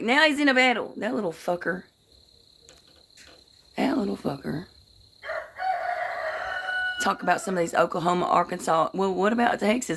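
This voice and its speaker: A woman in the middle of a relaxed livestream, chatting with viewers in a down-home, salty way. She greets people by name, curses without a second thought and drifts into long rambling stories. Her voice sits at an ordinary pitch for a woman. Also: vocal fry. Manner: folksy, swears casually, greets viewers by name; tells rambling anecdotes. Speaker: livestream host. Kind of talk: casual livestream chat with viewers.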